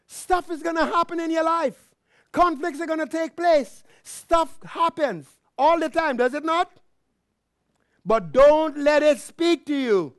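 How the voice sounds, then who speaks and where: A man's voice: very high-pitched, lively intonation, a little slow, dry recording, studio quality. A man preaching a sermon as pastor, asking the congregation questions and calling out praise. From Canada. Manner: preaching with call-and-response questions and exclamations.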